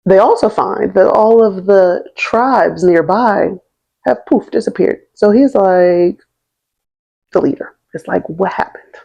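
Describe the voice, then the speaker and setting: A woman's voice: mid-range voice, takes it slowly, gravelly, mellow, muffled recording. A young woman telling a history story in a casual, slangy way, laughing along and checking in with her listeners. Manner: chatty and slangy, often checking in with "right?" and "okay?". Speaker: history vlogger.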